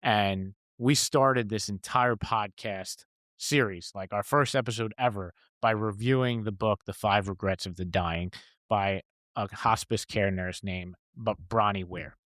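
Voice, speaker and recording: This is a man in his thirties co-hosting a podcast, with a fairly low voice. He speaks in a measured, earnest way and backs up his partner with short affirmations. The recording is dry and close. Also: fairly bright tone, dry recording. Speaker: podcast co-host. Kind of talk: casual podcast chat.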